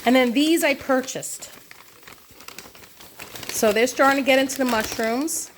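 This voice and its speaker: A woman's voice: high voice, unhurried, a little hiss or hum. A woman talking casually and enthusiastically to her phone camera at home, showing her vegetables and eating as she goes. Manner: chatty, enthusiastic, eats while talking. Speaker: vlogger showing a farm share haul. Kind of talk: casual chatty vlog.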